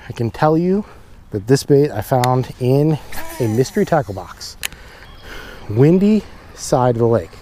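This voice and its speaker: Pausing often at a measured pace, a young fishing vlogger with a mid-range voice talks to his camera mic outdoors at a pond in the rain, over slight background noise. His casual chatter stays upbeat and spikes with excitement on a catch.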